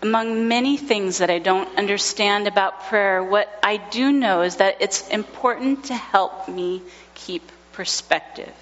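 A woman in her thirties, a pastor giving a sermon, telling a family story with gentle humor. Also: mid-range voice, a little slow. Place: church sanctuary. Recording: lo-fi recording in a large reverberant church.

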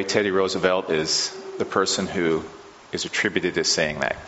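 A man's voice: sits low, steady tone, bright, forceful tone, a little hiss or hum. Man preaching in a reverberant church. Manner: earnest, halting, repeats key phrases. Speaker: pastor. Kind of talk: sermon. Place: church sanctuary with congregation. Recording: dull lo-fi recording with long hall reverb.

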